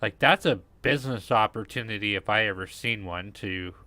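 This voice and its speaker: Man, co-host, bright tense voice, casual talk with fillers. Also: fairly low pitch, moderate pace, no echo. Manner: casual, many fillers and restarts. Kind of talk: casual political chat.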